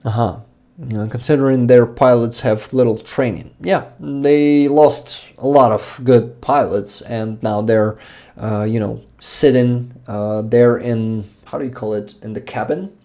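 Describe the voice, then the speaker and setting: Slow, mellow-voiced man on livestream. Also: medium pitch. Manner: halting, searches for words, many fillers. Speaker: livestream host reading chat. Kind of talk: casual livestream chat.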